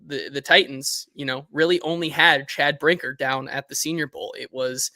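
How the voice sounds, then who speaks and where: Bright, dry-voiced sports talk host man. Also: mid-range voice, normal speed, dry recording. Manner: animated, reads listener comments aloud.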